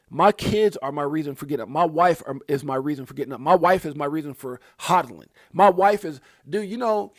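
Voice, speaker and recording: A man hosting a casual livestream, rambling and heartfelt, with preacher-like turns of phrase. His voice sits a little high. The sound is dry and close, with no room echo. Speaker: crypto livestream host.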